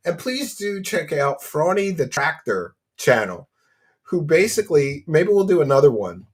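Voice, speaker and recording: A man's voice: fairly high pitch, very animated, moderate pace. A man hosting a casual commentary stream, mocking his subject, laughing often and thanking donors by name.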